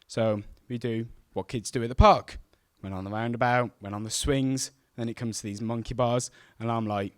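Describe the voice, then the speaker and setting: A young man telling a true story on stage, animated and self-mocking as he acts out the scenes. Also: mid-range voice, moderate pace, hardly any pauses, no room sound. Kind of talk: live storytelling to an audience. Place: stage at a live event.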